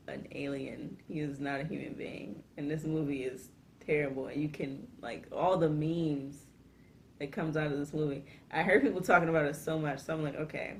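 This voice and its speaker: A woman co-hosting a casual podcast, telling a story in an animated way, swearing often and laughing partway through sentences. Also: sits low, normal speed, a little hiss or hum. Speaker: podcast co-host. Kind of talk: casual chat.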